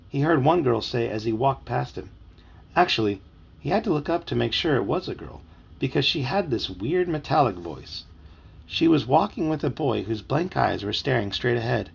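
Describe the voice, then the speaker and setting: Gravelly guy reading a kids book out loud at home, super lively voice, up and down a lot. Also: medium pitch, moderate pace, muffled recording. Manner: lively and expressive. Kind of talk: reading a children's book aloud.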